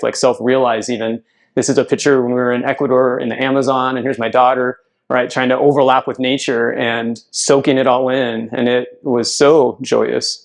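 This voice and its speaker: A man, a clinical psychologist, giving an earnest presentation at a health fair and often checking in with "right?". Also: medium pitch. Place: event room.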